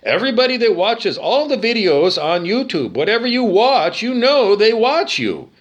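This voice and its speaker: A man's voice: high voice, very animated, moderate pace, muffled recording. A man from Canada ranting to the camera, agitated and profane, repeating himself and firing off rhetorical questions. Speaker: video monologue speaker.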